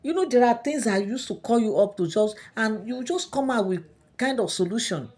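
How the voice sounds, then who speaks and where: Nigerian woman putting on a worried queen begging her husband, voice pitched up, pleading. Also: animated, normal speed, darkish tone. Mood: anxious pleading. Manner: earnest, anxious, pleading. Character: pleading devoted queen, young adult woman.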